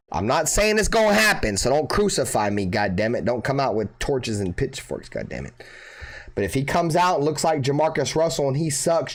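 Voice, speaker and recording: A young man hosting a fan channel livestream who reads viewer comments, swears freely and keeps calling listeners bro. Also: medium pitch. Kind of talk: casual livestream chat reading viewer comments.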